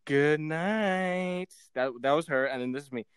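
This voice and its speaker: A man's voice: on the high side, takes it slowly, clear, resonant tone, dry recording. A young man hosting a podcast in a rambling, giggly casual chat, swearing freely. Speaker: podcast host.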